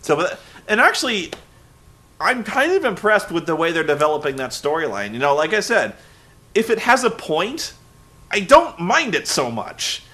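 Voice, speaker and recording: A young man hosting a casual recap, rambling and animated, breaking into loud shouted impressions. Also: on the high side, normal speed. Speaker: web show host. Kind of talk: casual wrestling recap rant.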